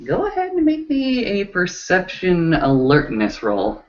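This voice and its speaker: A man's voice: high voice, huge pitch swings, a little slow, distant mic. A man running a tabletop role-playing game as game master, narrating in a loose way full of fillers. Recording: dull lo-fi audio.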